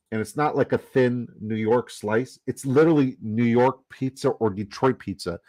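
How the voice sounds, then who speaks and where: A man's voice: medium pitch, a little fast, darkish tone. A man from Canada, giving loose, jokey commentary and swearing casually while running down a fantasy football draft.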